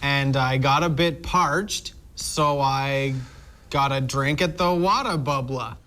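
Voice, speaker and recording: A man playing a slow, dopey student in a comic ad, speaking in a drawl. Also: medium pitch, pushed and bright.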